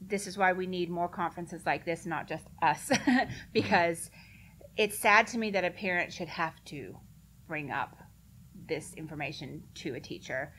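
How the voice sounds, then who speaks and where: A woman's voice: lowish voice, normal speed, fairly bright tone, slight background noise. A woman speaking earnestly and directly in a casual question-and-answer session, laughing now and then. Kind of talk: casual Q&A talk.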